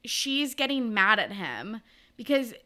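A young woman co-hosting a podcast, recapping a novel in casual, animated chat full of "like" and the odd swear word. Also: fairly high pitch, slow. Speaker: podcast co-host.

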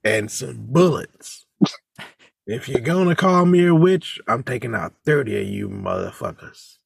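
A man's voice: mid-range voice, wildly swooping pitch, a little slow, vocal fry, husky, no echo. A man as podcast co-host in casual chat, swearing and making incredulous outbursts.

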